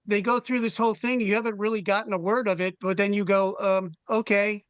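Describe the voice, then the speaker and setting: A man's voice: high-pitched, steady tone, quick pace, smooth, dry recording. A man appearing as a guest comedian on a podcast, chatting in an easygoing, wry way. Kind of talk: casual comedic chat.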